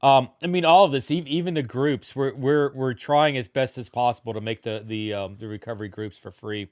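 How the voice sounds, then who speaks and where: A man's voice: medium pitch, brisk, a little mellow, no room sound, clean studio sound. A man co-hosting a church livestream in casual chat, often restarting words and making joking asides. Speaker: livestream co-host. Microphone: livestream setup.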